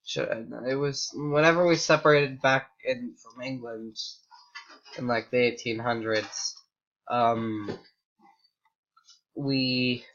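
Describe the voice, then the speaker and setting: A man's voice: medium pitch, fairly even intonation, slow, pauses often, fairly bright tone, muffled recording. An American man giving casual, rambling commentary while playing a game. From United States. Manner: rambling, chatty tangents. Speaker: gaming YouTuber.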